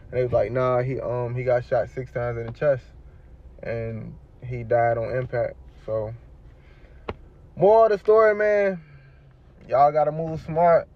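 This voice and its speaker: A man's voice: medium pitch, measured pace, pauses often. Slangy man telling his story, muffled sound. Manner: slangy, rambling, repeats himself. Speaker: storyteller recounting his shooting. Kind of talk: casual storytelling.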